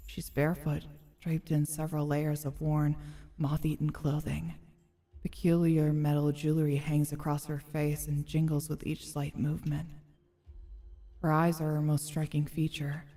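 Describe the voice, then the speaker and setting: A woman streamer reads a story game's narration aloud in a measured, expressive way and adds casual comments. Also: low voice, long reverb tail. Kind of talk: reading game narration aloud with casual asides.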